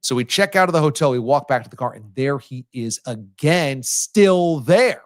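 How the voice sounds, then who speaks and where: A male sports radio host telling stories casually, animated and teasing, with sudden jumps in his voice. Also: mid-range voice, a little fast, dry recording, studio quality. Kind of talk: casual storytelling on a sports talk show.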